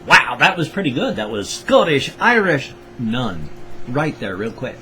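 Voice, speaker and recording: A man's voice: medium pitch, big pitch swings, unhurried, sharp tone, soft background music, poor audio. An older man from the Pacific Northwest with its accent, chatting in a rambling, self-correcting way in a casual solo vlog. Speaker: vlogger.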